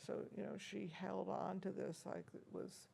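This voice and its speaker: A woman's voice: medium pitch, flat delivery, normal speed, mellow, a little hiss or hum. An older woman, an organist, recalling past encounters in a chatty interview, laughing often between stories. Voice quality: gravelly, husky. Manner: chatty, anecdotal, laughs often, many fillers. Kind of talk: reminiscing interview. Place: university room.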